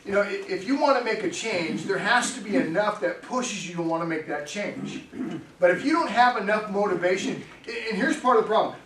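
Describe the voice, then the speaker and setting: A middle-aged male pastor with a noticeably high voice preaches in a loose, anecdotal way, laughing as he goes. He sounds picked up from a distance in a roomy church hall. A faint hiss sits under the sound. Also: animated, fairly quick, fairly bright tone. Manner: chatty, storytelling preacher who laughs often. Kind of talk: sermon. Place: church sanctuary.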